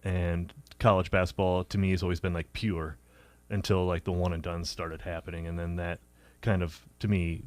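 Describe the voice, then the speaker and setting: A man from Illinois co-hosting a radio sports talk show, reflecting on his teams in a halting way full of fillers. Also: deep voice, level tone, darkish tone.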